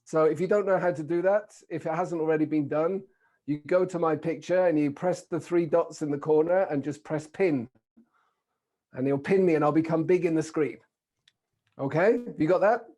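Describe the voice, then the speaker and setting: A middle-aged man with a British accent, giving a lively, playful keynote talk over a video call. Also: fairly high pitch. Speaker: keynote speaker. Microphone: video call microphone.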